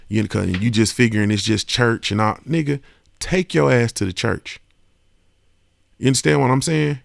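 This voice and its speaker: A podcast host delivers a casual, emphatic monologue, swearing freely and repeatedly asking "you understand what I'm saying" to check the listener follows. His fairly low voice has vocal fry, and the clean studio sound has no echo.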